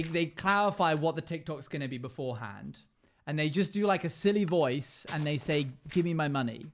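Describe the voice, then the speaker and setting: A man's voice: a little high, a little hiss or hum. A young man livestreaming casually, chatting with viewers, laughing often and humming to himself. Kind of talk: casual chat with live chat while gaming.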